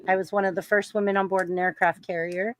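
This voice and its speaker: A woman talks eagerly on a casual panel and often doubles up her words. Her voice sits at a middle pitch. She sounds chatty and easygoing. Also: level tone, fast, no echo. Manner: enthusiastic, chatty, repeats words.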